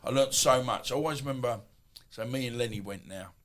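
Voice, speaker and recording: A man in his fifties with an Essex accent, telling stories as a podcast guest in a rambling, animated way with many asides. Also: medium pitch, fairly quick. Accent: Essex English. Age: 50s. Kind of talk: casual storytelling.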